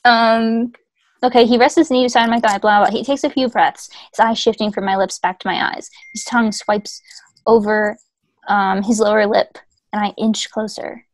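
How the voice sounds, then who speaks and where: A woman's voice: a little high, steady tone, moderate pace, no room sound, rough recording. Chatty woman reading aloud on a call. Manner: chatty, self-deprecating, laughing often. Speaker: reader. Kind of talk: casual comedic group reading. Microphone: video call.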